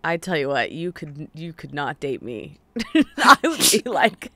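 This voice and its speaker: Young female co-host, lowish smooth voice, easygoing, dry close mic. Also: sing-song, measured pace, sharp tone, dry recording. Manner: easygoing, laughs along. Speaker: podcast co-host. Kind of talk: casual chat and read sponsor ad.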